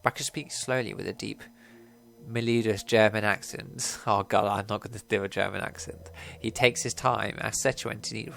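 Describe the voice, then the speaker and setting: A man's voice: lowish voice, fairly even intonation, moderate pace, gravelly, a bit bright, a little hiss or hum. A man narrating a video game playthrough, reading its text aloud and joking in a laid-back way. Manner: laid-back, jokey, swears casually. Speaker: let's play narrator.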